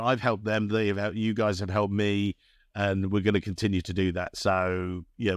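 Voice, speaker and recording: Low-voiced man, chatty and rambling. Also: no room sound. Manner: chatty, rambling, self-promoting with dry humor. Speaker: podcast guest, recruitment CEO. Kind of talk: casual interview talk.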